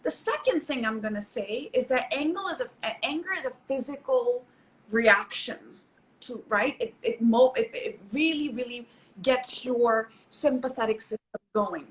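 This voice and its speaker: A woman's voice: fairly high pitch, moderate pace, rough recording. A middle-aged woman, a psychologist, explaining in an emphatic, coaching way, often repeating herself for stress. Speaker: psychologist guest. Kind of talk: expert explaining in conversation.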